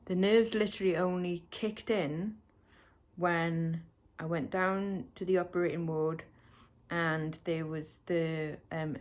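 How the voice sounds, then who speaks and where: A woman's voice: fairly low pitch, darkish tone, slight background noise. A woman casually recounting a personal experience to camera, chatty and full of fillers, acting out the conversations she had. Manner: chatty, lots of fillers, acts out quoted exchanges. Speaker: vlogger. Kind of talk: casual storytelling vlog.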